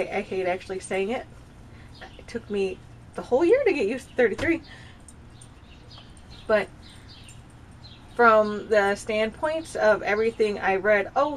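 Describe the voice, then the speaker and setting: A woman in her thirties chats into her camera at home in a loose, confessional vlog. She wanders from thought to thought, restarting sentences as she goes, and her pitch sits in an ordinary middle range. A faint hum of the room hangs behind her. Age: 30s. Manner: rambling and confessional, with frequent restarts. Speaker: vlogger. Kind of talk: casual personal vlog. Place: home with dogs nearby.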